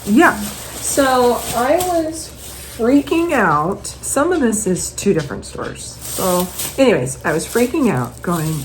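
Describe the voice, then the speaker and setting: A woman chatting casually at home as host, showing off her purchases in a rambling, animated way. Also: on the high side, slow pace, slight background noise, rough recording.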